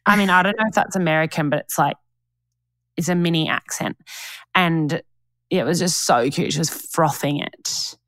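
A woman's voice: sits low, moderate pace, a bit bright, dry recording. A young woman co-hosting a podcast, chatting casually in slang and laughing often. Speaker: podcast co-host. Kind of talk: casual chat.

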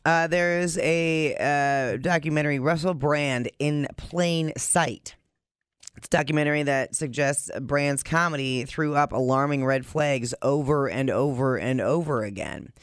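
Smooth-voiced man reading news, dry sound. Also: a little high, a little slow, no echo. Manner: reads reports then adds blunt asides. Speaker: podcast co-host. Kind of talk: casual chat, reading news aloud.

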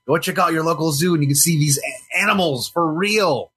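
A man's voice: fairly high pitch, fairly quick, a bit bright, husky. A man in casual podcast chat, skeptical and joking, teasing the others. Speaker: podcast co-host.

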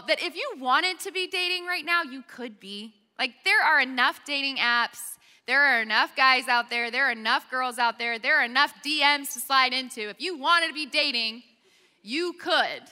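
A woman's voice: sits high, sharp tone. A young woman preaching to a college-age crowd in a chatty storytelling manner, often checking in with "okay?". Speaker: speaker at a college ministry gathering. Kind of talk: sermon. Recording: reverberant hall.

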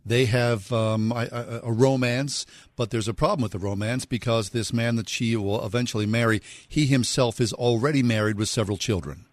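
A man's voice: mid-range voice, fairly even intonation, a little fast, hardly any pauses, no echo. Male radio host, dry close mic, conversational interviewer. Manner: conversational, leading questions.

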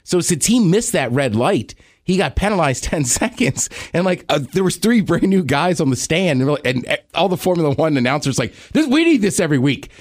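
A man's voice: a little high, expressive, moderate pace, few pauses, dry recording, studio quality. A man co-hosting a podcast, chatting casually and eagerly about sports and racing. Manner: enthusiastic, nerdy about racing. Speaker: podcast co-host.

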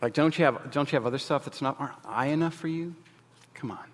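A man's voice: mid-range voice, fast talker, in a large hall, close to an everyday voice. A man voicing a self-pitying ancient husband, muttering in a mopey, whiny way.

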